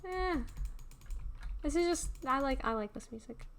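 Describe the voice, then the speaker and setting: A woman with a high, expressive voice chats in an unhurried way during a livestream of a block-building game. Her talk is casual and wandering, punctuated by frequent laughter.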